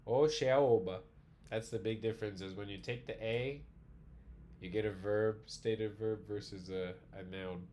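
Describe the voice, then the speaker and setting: A man's voice: on the low side, steady tone, moderate pace, slight background noise. A man leading an online language class, thinking aloud and checking in with his students. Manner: thinking aloud, frequent "right?" checks and soft laughs. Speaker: language teacher.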